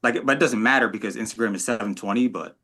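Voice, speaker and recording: Guy with a bright edgy voice, talking shop, stumbles and restarts a lot. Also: lowish voice, slightly rough. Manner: halting, lots of likes and restarts. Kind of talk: casual panel chat.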